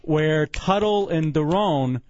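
Hosting an evening radio show, a man with a slightly mellow voice banters playfully and rambles between topics, his pitch shifting quickly. The sound is lo-fi but free of echo.

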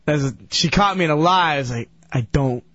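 A man on a radio talk show telling a story loudly and excitedly, acting out the people in it. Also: on the high side, fast, no room sound, muffled recording. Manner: loud, excitable, acts out the people in his story.

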